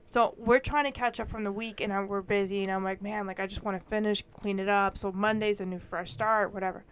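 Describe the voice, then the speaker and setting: A young woman co-hosting a casual podcast, telling stories in an animated way and acting out what people said. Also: medium pitch, brisk, smooth. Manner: animated storytelling, acts out quotes. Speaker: podcast co-host. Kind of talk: casual chat.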